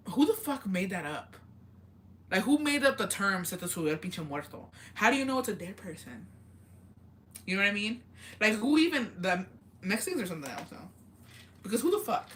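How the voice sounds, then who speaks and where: A woman's voice: medium pitch, normal speed, slight background noise. A woman hosting a casual livestream chat, telling stories animatedly, swearing freely and laughing often. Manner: animated storytelling with lots of fillers. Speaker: livestream host. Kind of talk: casual livestream chat, reading viewer comments.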